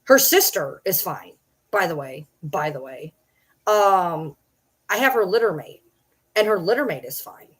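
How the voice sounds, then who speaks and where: Casting note: woman with a slightly low voice, exasperated home vlogger venting to camera, swears a lot, repeats lines. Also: big pitch swings, a little slow, slightly rough. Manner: frustrated, swearing, repeats herself. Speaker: vlogger and livestreamer. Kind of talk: casual rant to camera.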